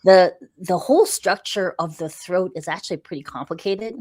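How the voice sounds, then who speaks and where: Middle-aged woman with a low voice, lively coaching tone, keeps checking the listener follows. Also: normal speed, husky. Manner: animated and explanatory, frequent "right?" check-ins. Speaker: podcast guest, visibility coach. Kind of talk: conversational interview.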